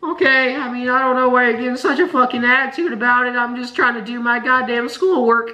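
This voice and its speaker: A man's voice: very high-pitched, fairly quick, sharp tone. A young man from Nebraska in his late teens, complaining in a profane, sarcastic vlog rant. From Nebraska, USA. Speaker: vlogger. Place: indoor room by a window. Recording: roomy, echoey room.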